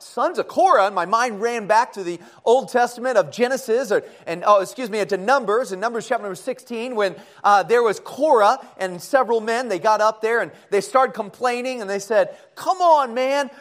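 High-voiced man preaching a sermon. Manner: folksy, conversational, asks the congregation questions. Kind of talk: sermon, Bible study.

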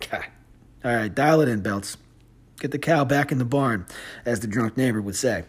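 A man hosting a podcast, telling stories in a sarcastic, animated rant. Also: medium pitch, measured pace, husky. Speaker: podcast host. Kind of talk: casual ranting commentary.

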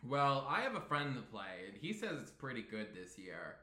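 A man doing a laid-back, philosophical teen boy with a casual, low-key delivery. The voice is bright and sounds like it's in an echoey room. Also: sing-song, moderate pace, a little hiss or hum.

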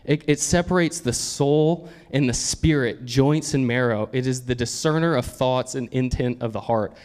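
A man's voice: mid-range voice, moderate pace, a little mellow. A man preaching a sermon in an earnest, conversational way, often laughing as he talks.

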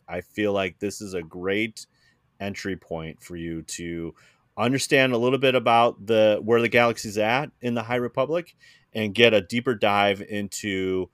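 A man's voice: on the low side, a little slow, no room sound, studio quality. A man talking as a guest on a casual podcast, hesitant and repeating words as he starts.

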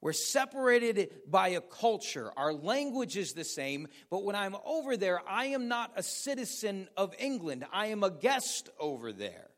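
An American pastor with a notably high voice preaches to his congregation. He tells stories with energy and keeps turning to the audience with questions. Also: unhurried, hardly any pauses. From United States. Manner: animated storytelling, asks the audience questions. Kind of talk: sermon.

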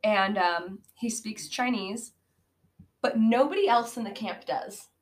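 A woman's voice: medium pitch, takes it slowly, rough recording. A woman co-hosting a casual podcast, rambling through a bad movie's plot with many fillers and frequent laughs. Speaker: podcast co-host. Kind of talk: casual movie-riffing chat.

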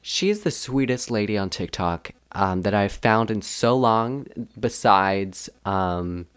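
A man's voice: on the low side, animated, slow pace, clean tone, dry recording. A man co-hosting a podcast, chatting casually in a rambling, self-deprecating way. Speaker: podcast co-host. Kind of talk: casual chat.

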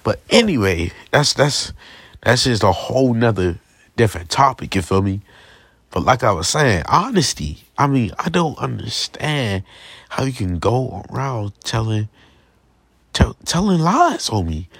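A young man rants to his audience in a casual vlog, slangy and aggrieved, circling back to the same points. His voice is husky and his pitch jumps all over the place. The sound is dry and close. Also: sing-song, measured pace, fairly bright tone, no room sound. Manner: slangy, repetitive, aggrieved, keeps asking "you feel me". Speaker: vlogger. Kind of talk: casual straight-to-camera rant.

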